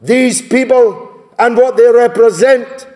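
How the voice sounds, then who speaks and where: Male orator, high-pitched, slow and deliberate, booming through a reverberant hall. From Scotland. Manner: impassioned, shouting rhetorical questions. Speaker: political speaker. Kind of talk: rousing conference speech. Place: large conference hall.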